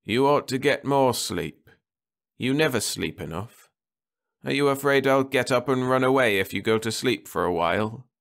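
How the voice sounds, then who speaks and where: A man's voice: medium pitch, expressive, normal speed, gravelly, fairly bright tone, voice pushed up. A man voicing a stubborn dying old spaceman who talks with sardonic defiance from his bed. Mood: wry.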